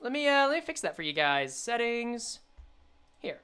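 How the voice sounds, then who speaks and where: A young woman streaming a game, chatting and reading the story aloud, animated and quick to laugh. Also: fairly high pitch, smooth.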